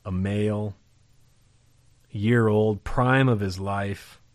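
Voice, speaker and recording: A man's voice: on the low side, steady tone, slow pace, pauses often, dry recording. A man preaching a sermon in a conversational, emphatic way, often putting questions to his listeners. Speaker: pastor.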